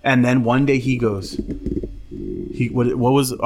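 A man's voice: mid-range voice, measured pace. Swearing man telling a story. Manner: animated storyteller, swears freely, mimics others. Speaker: podcast co-host. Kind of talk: casual podcast chat.

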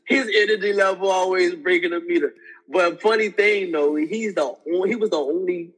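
A man talking as a podcast guest, telling animated stories with lots of laughter and acting out other people's voices. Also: high voice, moderate pace, rough recording. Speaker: podcast guest, former football player. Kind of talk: casual storytelling.

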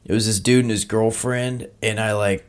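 A young man in crude comedic banter, hesitant at first, then tossing out deadpan shock insults. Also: on the low side, moderate pace, smooth.

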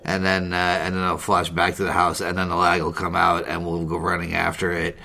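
A goofy man chatting on his podcast, his voice bright and forceful, sitting a little low in pitch. He riffs and jokes in easy banter. His delivery stays loose and playful. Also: monotone, brisk, gravelly. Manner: jokey, goofy, riffing. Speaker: podcast co-host. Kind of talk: casual chat.

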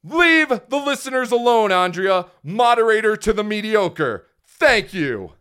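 A man guest hosting a live stream, joking loudly and calling himself Daddy while thanking viewers, speaking over a phone. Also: high-pitched, sing-song, unhurried, clean tone. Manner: boastful, calls himself Daddy, jokey and loud. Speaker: guest host. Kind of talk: casual live-stream banter.

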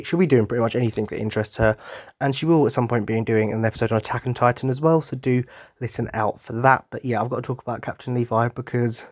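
Rambling young man, low voice. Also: a little mellow, no echo, studio quality. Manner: rambling, self-interrupting and chatty. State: tired from little sleep. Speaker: podcast host. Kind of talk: casual solo podcast chat.

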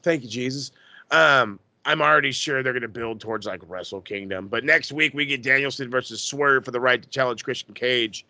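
A man co-hosting a podcast in casual chat, excitable, profane and gushing. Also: medium pitch, a little fast, dry recording. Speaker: podcast co-host.

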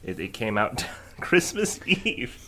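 A man co-hosting a podcast in casual chat, with a dry, sarcastic, mock-deadpan delivery. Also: mid-range voice, slow pace. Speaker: podcast co-host.

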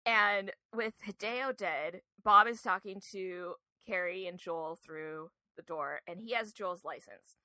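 A woman's voice: fairly low pitch, slow, hardly any pauses, pushed and bright, no room sound. A woman co-hosting a podcast, casually recapping a film and animatedly acting out characters' lines as she retells it. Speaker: podcast co-host.

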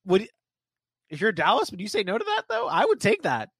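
Bright-voiced man hosting a sports podcast. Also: high voice, brisk, creaky, slightly rough, no echo. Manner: animated, joking, leads the segments. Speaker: podcast host. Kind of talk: casual sports chat.

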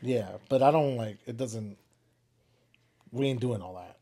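A man's voice: mid-range voice, unhurried, mellow. A man co-hosting a podcast with his partner, laughing often and talking in loose slang. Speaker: podcast co-host. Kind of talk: casual couple chat.

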